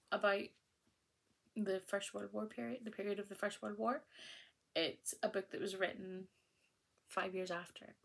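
A woman hosting her own podcast, chatting casually and enthusiastically about the books she has been reading, with lots of ums and restarts along the way. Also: mid-range voice. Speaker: podcast host.

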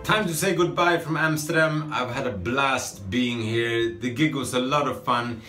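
A man's voice: mid-range voice, unhurried, music in the background. A man from Sweden with a Swedish accent, speaking English as a second language in a chatty, self-mocking vlog and stand-up set. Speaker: stand-up comedian. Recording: echoey, distant, noisy ambience.

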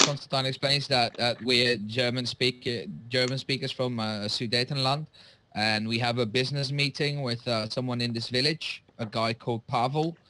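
Guy player narrating what his character does, bright sharp voice, some ums. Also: medium pitch. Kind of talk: describing his character's actions.

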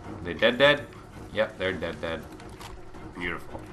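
A man hosting a let's play, chatting casually and sarcastically over the game, with sudden loud shouts when the action heats up. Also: deep voice, measured pace, soft background music. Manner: rambling, sarcastic, bursts into loud excited shouts during fights. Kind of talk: casual gameplay commentary. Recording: game audio and noise behind the voice.

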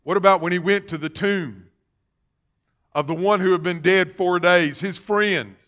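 A man preaching a sermon as pastor, calling out questions to the congregation and rising to loud, fervent passages. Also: sits high, measured pace. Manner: call-and-response preaching, rising to loud fervor. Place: church sanctuary.

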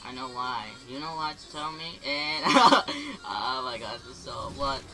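A man's voice: mid-range voice, very animated, slow, over music, poor audio. Hesitant man commenting on a game. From Philippines. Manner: hesitant, many fillers. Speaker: gaming channel host. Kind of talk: casual gameplay commentary.

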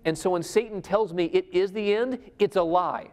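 A man preaching a sermon at a conference. He swings between loud emphasis and a hushed near-whisper, and he keeps asking the audience questions. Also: high voice, moderate pace. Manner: addresses the audience directly with questions. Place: conference hall before a live audience. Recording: long hall reverb.

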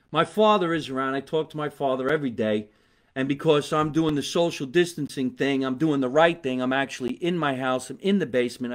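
A middle-aged man with a New Jersey accent, rambling bluntly and swearing freely in a casual live-stream monologue from his basement. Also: mid-range voice. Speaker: comedian host. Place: home basement.

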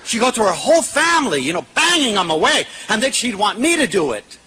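A man lecturing a live audience in an animated storytelling manner, poking fun at himself. His voice is bright and fairly high for a man, and it swings widely in pitch. A faint hum of room noise sits underneath. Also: brisk, low-quality recording. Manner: animated, storytelling, self-mocking humor.

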